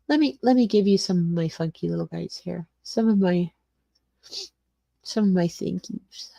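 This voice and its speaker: An older woman hosts a casual livestream from her small garage suite, greeting viewers by name and rambling through the chat. Her voice is fairly low and warm with vocal fry, at a moderate pace, and the audio sounds dull.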